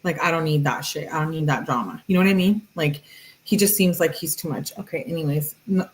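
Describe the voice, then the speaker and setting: A woman's voice: deep voice, a little fast. Woman, casual true-crime commentary, chatty, blunt, salty language. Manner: chatty, blunt, swears and slips in Spanish words. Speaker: true-crime video host. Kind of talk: casual commentary reading out text messages.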